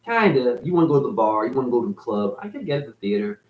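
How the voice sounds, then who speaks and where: A man rambling through a profane spiritual monologue, dropping to mutters and then jumping up in excited bursts. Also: medium pitch, quick pace, phone-quality sound. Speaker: spiritual video host.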